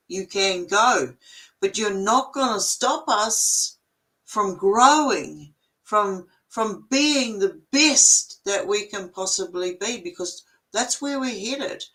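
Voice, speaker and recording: A woman chatting casually on a livestream from home, animated and quick to laugh, swearing now and then. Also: medium pitch, low-quality recording. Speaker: co-host of a spiritual livestream. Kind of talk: casual chat.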